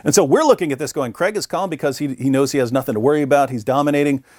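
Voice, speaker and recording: Animated middle-aged man telling a story. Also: medium pitch, very fast, no echo, studio quality. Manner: animated, acts out quoted voices. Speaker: interview guest. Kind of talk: conversational storytelling.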